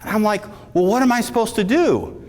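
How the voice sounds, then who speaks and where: A man on stage delivering a motivational keynote, his slightly high voice swinging widely in pitch as he tells a story. He talks to the crowd and asks them to repeat after him. The sound carries a long reverb from a large hall. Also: a little fast. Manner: animated storytelling with audience call-outs. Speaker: keynote speaker.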